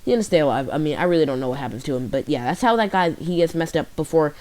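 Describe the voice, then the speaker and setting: A man casually retelling a fan story, rambling and halting, full of fillers and restarts. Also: fairly high pitch, lively intonation, a little mellow, rough recording. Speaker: channel host.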